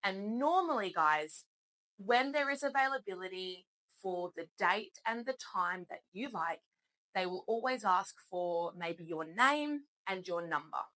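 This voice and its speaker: Slow, bright-voiced female English teacher. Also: mid-range voice, lively intonation, poor audio. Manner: patient, encouraging, explains step by step. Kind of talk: spoken English lesson.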